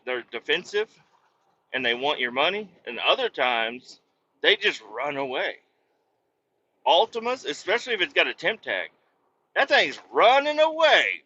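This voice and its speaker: A man rambling and cursing in a casual monologue while driving his truck down the highway, with sudden loud outbursts. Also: highs cut off, a little hiss or hum. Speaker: podcast host.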